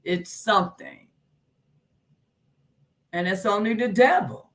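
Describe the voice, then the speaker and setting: A woman hosting a live stream in casual chat, loud and exclaiming, laughing and swearing often. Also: medium pitch, expressive, takes it slowly. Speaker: livestream host.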